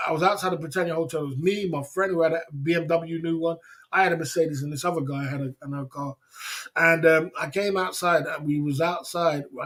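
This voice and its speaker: A man's voice: a little high, fairly bright tone. A British man hosting a livestream, telling rambling stories in a casual way, chuckling often and checking in with his listeners. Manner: rambling, chuckles often, keeps asking "you know what I'm saying". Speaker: livestream host.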